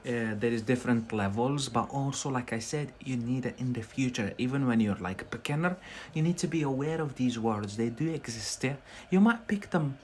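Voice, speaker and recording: Chatty man teaching English live. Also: mid-range voice. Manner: chatty, often checks in with a questioning "yeah?". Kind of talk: live-stream English lesson. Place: in Scotland.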